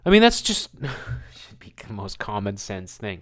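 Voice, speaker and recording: A man's voice: lowish voice, huge pitch swings, unhurried, a bit bright. Sarcastic man ranting over the news. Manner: sarcastic, rambling, laughs often. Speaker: host.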